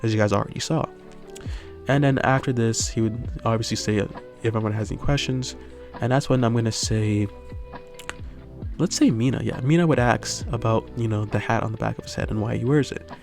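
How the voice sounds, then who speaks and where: A man's voice: mid-range voice, fairly quick, vocal fry, a little mellow, faint music behind. A man improvising a fan story aloud in a rambling way, full of fillers and tag questions. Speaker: channel host.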